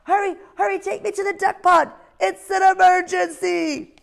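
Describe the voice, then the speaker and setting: A woman voicing a lazy young male owl in a storybook read-aloud, yelling high and shrill. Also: little pitch movement, normal speed, vocal fry, full character voice. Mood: frantic.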